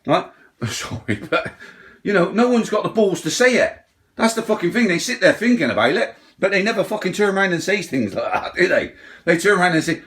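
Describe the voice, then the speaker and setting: A man's voice: high-pitched, big pitch swings, fairly quick, a bit bright. A middle-aged man rants bluntly, his slightly raised voice peppered with swearing and mocking impressions of other people. He talks in a loose, rambling way, with frequent asides to the listener. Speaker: ranting vlogger. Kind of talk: profane rant.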